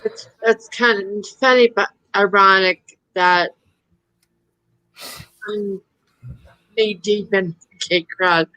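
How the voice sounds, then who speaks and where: A woman hosts a live stream in a bright, forward voice and chats casually and warmly. The sound is dry and close. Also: mid-range voice, fairly even intonation, slow pace, pauses often, smooth, no echo, low-quality recording. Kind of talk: casual chat.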